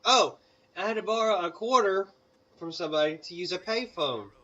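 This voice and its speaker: Over his gameplay, a gaming channel co-host, a young man from Mississippi with a Southern US accent, tells a meandering, casual story loaded with fillers and interruptions to react to the game. He has a high voice and sharp tone at normal speed. The recording is distant, and the highs are cut off.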